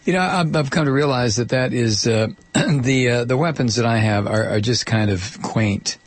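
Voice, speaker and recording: A man's voice: mid-range voice, normal speed. A man hosting a talk radio show, rambling and joking with lots of fillers and restarts. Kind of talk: casual talk radio monologue.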